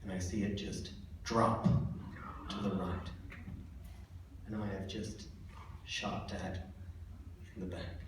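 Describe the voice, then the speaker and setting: A man telling a vivid story on stage, with quick retelling and repeated restarts. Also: sits low, level tone. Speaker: storyteller comedian. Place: live stage. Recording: echoey hall from far off, audience noise.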